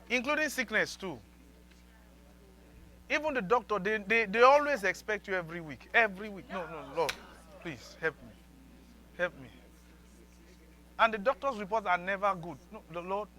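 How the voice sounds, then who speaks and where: A man's voice: high-pitched, pushed and bright, poor audio. A man preaching a sermon as pastor, leading the congregation in repeated prayer lines.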